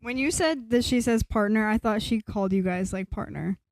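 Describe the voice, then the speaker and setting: Young woman, higher pitch, playful teasing podcast co-host, dry close sound. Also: moderate pace, a little mellow, no echo. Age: young adult. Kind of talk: casual chat.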